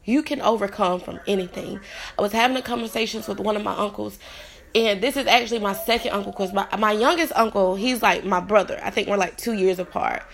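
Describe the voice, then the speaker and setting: A woman in her thirties talks straight to her listeners on her own podcast, earnest and heartfelt. Her voice sits at an ordinary middle pitch for a woman, and she delivers her encouragement with open sincerity. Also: fairly even intonation, quick pace, gravelly, fairly bright tone. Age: 30s. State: tearful at times. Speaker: podcast host. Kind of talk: motivational solo podcast talk.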